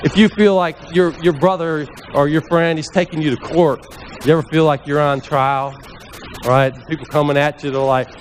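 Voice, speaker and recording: A man's voice: a little high, moderate pace, slight background noise. A man preaching a conversational sermon as a pastor in a church, often asking the listeners questions and acting out the voices he quotes. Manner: chatty, asks the congregation questions, acts out quoted voices. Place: church sanctuary.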